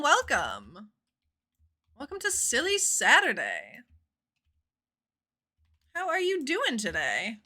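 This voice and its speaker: A woman chats casually on a live gaming stream, bubbly and animated, and swears without a second thought. Her voice sits a bit high and swings widely in pitch. Its tone is very bright and sharp. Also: slow, long pauses.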